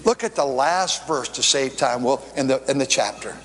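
A man preaching a sermon as pastor, telling stories and shouting out drawn-out lines. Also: medium pitch, lively intonation. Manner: storytelling preacher, swings from quick talk to shouted, drawn-out lines. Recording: long hall reverb.

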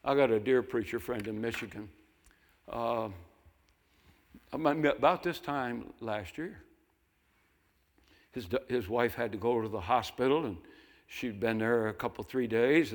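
An older man preaching a sermon, telling folksy stories and breaking into loud mimicking voices. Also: medium pitch, measured pace, pauses often. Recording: long hall reverb.

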